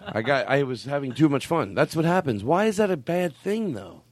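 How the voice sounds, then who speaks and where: A man's voice: on the high side, big pitch swings, normal speed, dry recording. A man hosting a comedy podcast, rambling and laughing, with a dry, close studio sound. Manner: rambling, laughing, goofy voices. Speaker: podcast host.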